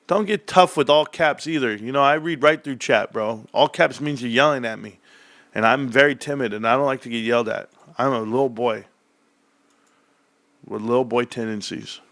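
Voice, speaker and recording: A man's voice: mid-range voice, a little fast, fairly bright tone, dry recording. A man hosting a live stream, reading chat and ranting in a sarcastic, heated, emphatic way. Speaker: livestream host reading chat. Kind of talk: live-stream rant about stocks.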